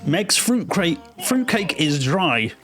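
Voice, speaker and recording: A man's voice: a little high, big pitch swings, takes it slowly. A man from East London giving joking gameplay commentary as a streamer, wry and mock-teaching. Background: game music.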